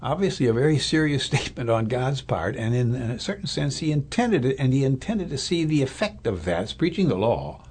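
A man's voice: medium pitch, very animated, fairly quick, hardly any pauses, darkish tone, breathy edge. A man preaching a sermon as a pastor, in a conversational, thoughtful way with fillers and restarts. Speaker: Lutheran pastor or Bible teacher.

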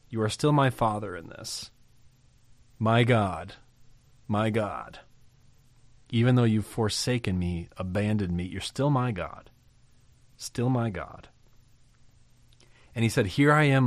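Low-voiced man preaching a sermon. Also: no room sound. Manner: reads scripture aloud, then comments conversationally with asides. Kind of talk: sermon on a Bible passage.

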